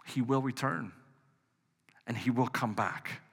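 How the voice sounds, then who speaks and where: A man's voice: medium pitch, slow, vocal fry, fairly bright tone, slightly rough. A middle-aged man preaching a sermon as pastor, earnest and conversational, often restarting his phrases. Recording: long reverb of a large hall.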